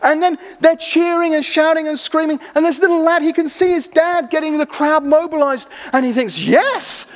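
A man preaching a sermon, telling stories with animated energy and acting out the people in them. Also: very high-pitched, brisk, hardly any pauses. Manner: animated storytelling, acting out voices. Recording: long hall reverb.

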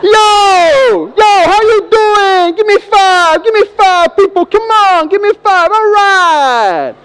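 A man putting on an overeager, shouting man who high-fives strangers at a bus stop. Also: animated, slow pace, slight background noise, full character voice. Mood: hyped. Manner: shouting, over-the-top cheery. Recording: echoey hall, dull lo-fi sound.

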